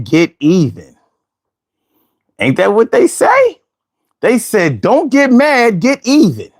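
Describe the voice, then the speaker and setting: A male host talks casually to his livestream viewers, full of slang and rhetorical questions to the audience. His voice sits high and swings widely in pitch, and he takes his time between phrases. He circles back to the same lines again and again.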